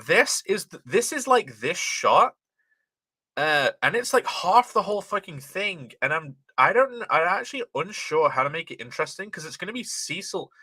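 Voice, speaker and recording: A man with a slightly posh British accent, talking in a loose, rambling way with the odd swear word thrown in. His voice is bright and lively, jumping up and down in pitch. The sound is close and dry. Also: moderate pace, slightly rough, no echo. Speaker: animator and video host. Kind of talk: casual commentary.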